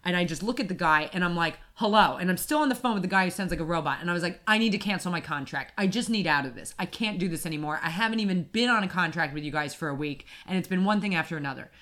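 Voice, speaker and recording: A woman co-hosting a casual podcast, telling a story in an animated ranting way and acting out her own shouting. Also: on the low side, very fast, few pauses. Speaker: podcast co-host. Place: apartment in Wimbledon.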